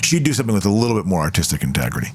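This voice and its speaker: A man's voice: low voice, big pitch swings, racing, a little mellow, slightly rough. A man co-hosting a casual podcast, laughing often and drifting into sarcastic mock rants. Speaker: podcast co-host. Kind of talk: casual chat watching and reacting to TV.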